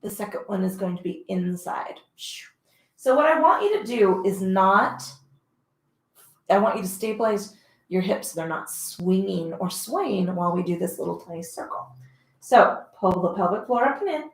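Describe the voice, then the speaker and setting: Woman coaching pilates in a roomy echoey space, mid-pitch voice, chatty and counting reps. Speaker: Pilates instructor. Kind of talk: casual guided workout instruction. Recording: echoey room.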